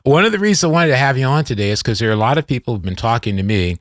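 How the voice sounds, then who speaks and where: A man in his fifties hosting a podcast, telling a personal story in a rambling, animated way with frequent restarts. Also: medium pitch, rapid-fire, no echo, studio quality. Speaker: podcast host. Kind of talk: casual storytelling interview.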